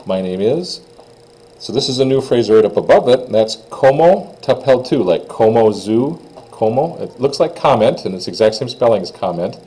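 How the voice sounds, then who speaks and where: This low-pitched man has a dark, slightly rough voice with lively intonation, speaking at normal speed on a low-quality recording. He's from Minnesota and leads a recorded beginner French class, explaining phrases patiently and plainly while demonstrating pronunciation in a raised voice.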